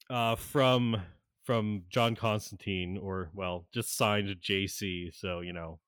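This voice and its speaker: A man running a tabletop game as game master, narrating in an unhurried way with lots of fillers and frequent laughs. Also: mid-range voice, fairly bright tone, dry recording, clean studio sound.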